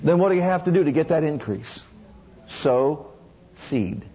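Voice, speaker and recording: A man's voice: fairly high pitch, lively intonation, normal speed, slightly rough, highs cut off. A man preaching a sermon who keeps asking the congregation questions and has them repeat lines back to him.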